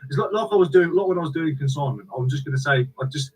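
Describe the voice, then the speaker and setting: A man's voice: a little high, fast, slightly rough, rough recording. A man chatting casually on a live stream, repeating himself and thanking viewers. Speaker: online reseller and streamer.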